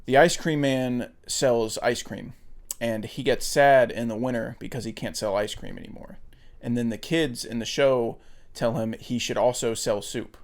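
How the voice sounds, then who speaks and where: A man co-hosting a podcast, chatting casually about a film in a thoughtful, hesitant way with frequent pauses. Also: mid-range voice, steady tone. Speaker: podcast co-host.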